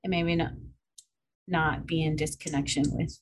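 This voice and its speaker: A woman's voice: low-pitched, flat delivery, moderate pace, low-quality recording. A chatty woman co-hosting a podcast, telling a story in a loose, rambling way and laughing often. A faint hiss of background noise runs under her voice. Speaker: podcast co-host. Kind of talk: casual chat.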